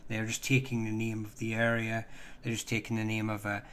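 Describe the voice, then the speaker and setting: A man hosting a casual live stream, answering viewer questions in a halting way, full of ums and restarts, chatty and self-deprecating. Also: fairly low pitch, monotone, a bit bright, a little hiss or hum.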